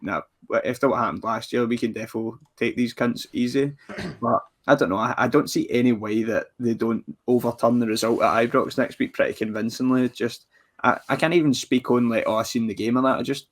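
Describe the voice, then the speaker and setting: A Scottish man co-hosting a casual football podcast, talking bluntly in slang and swearing freely. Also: medium pitch. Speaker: podcast co-host.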